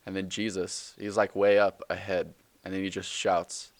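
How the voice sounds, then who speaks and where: A man's voice: sits low, level tone, normal speed, few pauses, dry recording. A young man hosting a solo podcast, talking casually and rambling with jokes, fillers and self-corrections. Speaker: podcast host.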